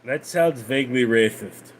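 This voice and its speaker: A man hosting a casual livestream, reading out viewer messages and replying in a deadpan way. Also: medium pitch, moderate pace. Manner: reads out viewer names and messages, deadpan replies. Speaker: livestream host reading chat.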